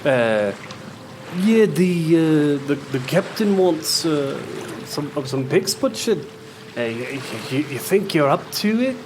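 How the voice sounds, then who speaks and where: A man's voice: a little high, very animated, slow pace, background noise, pitched above the performer's own voice. A man voicing a nervous, small young male pirate recruit with an Australian accent, stammering and hesitant.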